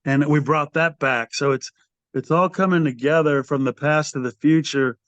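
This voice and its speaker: A man's voice: on the high side, normal speed, dry recording. An older man, a metal band's singer, telling rambling stories in a casual interview and acting out what others said. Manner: animated storyteller, acts out quoted voices. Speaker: guest, metal band singer. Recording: muffled dry podcast audio.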